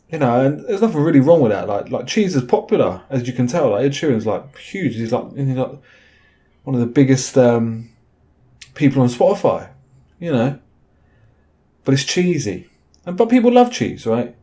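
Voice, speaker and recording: A man's voice: mid-range voice, mellow. A man hosting a video, talking in a loose, rambling way, often tacking on "right?" and filling gaps with fillers. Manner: chatty, tag questions like "right?", many fillers. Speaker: video host. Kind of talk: rambling casual monologue.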